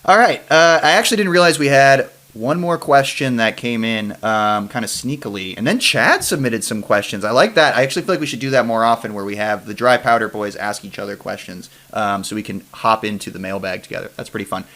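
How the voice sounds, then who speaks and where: A man's voice: medium pitch, fairly quick, few pauses, pushed and bright. A man hosting a casual sports podcast, rambling with restarts and trailing off as he reads listener questions. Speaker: podcast host. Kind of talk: casual chat.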